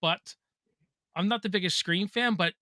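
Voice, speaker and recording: A man's voice: high voice, moderate pace, pushed and bright, no echo, studio quality. A man with a Canadian accent hosting a live watch-party, reading viewers' questions aloud and chatting casually. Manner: reads chat questions aloud, casual and joking. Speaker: host.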